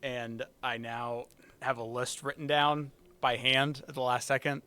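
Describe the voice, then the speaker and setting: A man's voice: medium pitch, little pitch movement, unhurried, bright, forceful tone, clean tone. A man co-hosting a casual sports podcast, laid-back and chuckling as he gives his takes. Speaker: podcast co-host.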